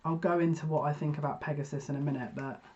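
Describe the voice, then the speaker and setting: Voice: mid-range voice, fairly even intonation, fast talker, a little mellow, muffled recording. A psychic reader giving a casual, rambling card reading to viewers, often breaking off mid-sentence. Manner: chatty, rambling, self-interrupting.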